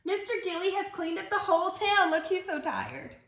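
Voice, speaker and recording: A woman's voice: extremely high pitch, normal speed, a bit bright, roomy sound, slight background noise. A woman reading a picture book aloud to young children in a playful, sing-song storytime voice, leading them in call-and-response chants. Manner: playful, encouraging teacher voice.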